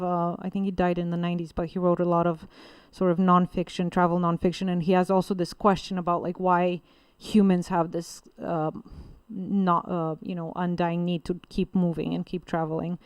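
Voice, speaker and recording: A woman from Bulgaria answers interview questions in English in a lower, smooth voice. She rambles, circling back with fillers and self-corrections. The sound is close and dry. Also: darkish tone, no echo. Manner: rambling, many fillers and restarts. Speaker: guest writer and literary translator. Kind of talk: casual interview talk.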